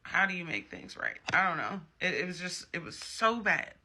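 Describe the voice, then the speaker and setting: A man's voice: sits high, very animated, moderate pace, bright, forceful tone, slight background noise. A man giving a casual tarot reading, chatty and emphatic, with frequent personal asides. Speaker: tarot reader.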